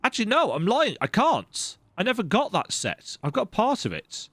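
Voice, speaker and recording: A man's voice: high-pitched, huge pitch swings, normal speed, fairly bright tone, breathy edge, dry recording. A man giving casual gameplay commentary, full of wry, joking asides. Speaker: let's play host.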